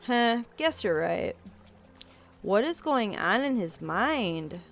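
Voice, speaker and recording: A woman's voice: medium pitch, sing-song, slow pace, faint music behind. Reactive woman streamer during a playthrough. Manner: exclaiming, reactive asides. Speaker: game streamer. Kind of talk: casual reactions during a visual novel playthrough.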